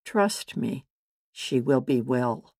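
A calm male healer speaking gently and with quiet authority, as a woman reads him in a Bible storybook. The voice sits low, slow and gravelly, dry and close. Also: no room sound, heavily acted.

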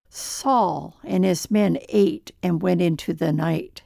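A woman narrating a scripted story in a measured, solemn reading. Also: mid-range voice, vocal fry, mellow, no room sound, studio quality.

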